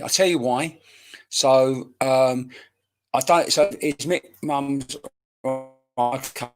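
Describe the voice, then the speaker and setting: A man's voice: medium pitch, takes it slowly, pauses often. A man, working as a medium in a live-streamed reading, talking in a chatty, rambling way with casual banter and swearing, recorded on a webcam mic.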